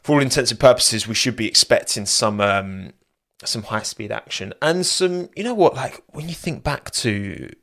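A man's voice: mid-range voice, expressive, normal speed, gravelly, bright, forceful tone. A young man hosting a live-streamed podcast, chatting casually and rambling, often laughing at his own asides. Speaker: podcast host.

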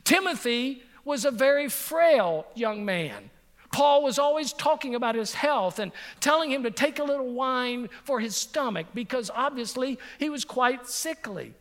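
Man, pastor, high voice, emphatic sermon, repeats lines for effect, long hall reverb. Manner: emphatic, repeats phrases for effect, drops to a soft voice on key points. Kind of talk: sermon with personal storytelling.

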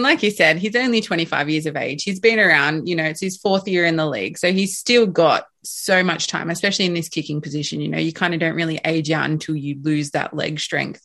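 A woman's voice: deep voice, fairly quick, creaky, fairly bright tone. A woman co-hosting a sports podcast, talking with enthusiasm and restarting her sentences often. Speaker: podcast co-host. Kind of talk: casual sports chat.

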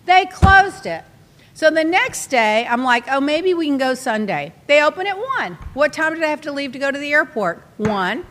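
A middle-aged woman hosting, telling a casual story in an animated, dramatic way with lots of exclamations. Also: high voice, normal speed. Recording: long reverb.

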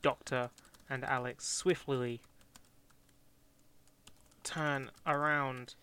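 A man's voice: mid-range voice, flat delivery, extremely slow, sharp tone, clear, resonant tone. A man co-hosting a podcast, brainstorming a story in loose, joking casual chat with many fillers. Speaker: podcast co-host.

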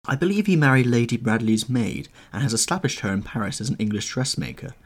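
A man's voice: lively intonation, quick pace. A man putting on a languid, petulant young dandy. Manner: airy and languid, with sudden high lilts. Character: languid, petulant young gentleman, bored and witty. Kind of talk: audiobook character reading.

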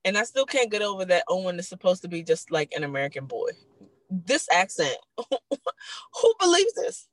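A woman in a casual TV recap chat, animated, swearing and laughing a lot as she vents. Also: on the low side, fairly quick, no echo, low-quality recording.

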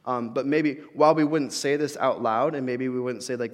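A man's voice: medium pitch, fairly even intonation, fairly quick, hardly any pauses. Casual young male preacher in a reverberant hall. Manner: casual, frequent fillers and restarts, acts out quoted voices. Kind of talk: conversational sermon.

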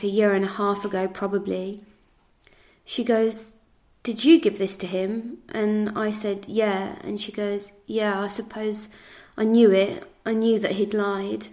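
A woman's voice: medium pitch, a little mellow. An English woman giving a first-person account of events, quoting what was said with frequent fillers. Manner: recounts events with reported speech, many fillers. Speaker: interviewee recounting events.

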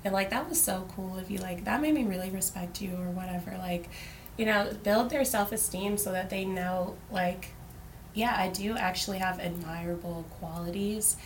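A woman's voice: medium pitch, moderate pace. Young woman, casual podcast co-host, filler-heavy, faint background noise. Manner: chatty, filler-heavy with frequent "like". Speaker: podcast co-host, life coach. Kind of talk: casual chat.

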